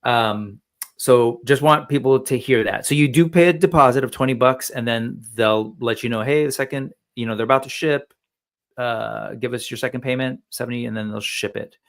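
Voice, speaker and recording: A man hosting a casual livestream, his voice gravelly with some fry at a middling pitch. He rambles in a chatty way, piling up fillers and restarting sentences as he goes. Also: moderate pace. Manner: chatty, rambling, frequent fillers and self-corrections. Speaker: livestream host. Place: home studio.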